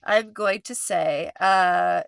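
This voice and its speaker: A woman's voice: on the low side, slow, vocal fry, clean tone. A woman hosting a casual chat about a film, sounding stuffed up and laughing often. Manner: chatty, laughs often, trails into restarts. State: stuffed-up nose. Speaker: podcast host.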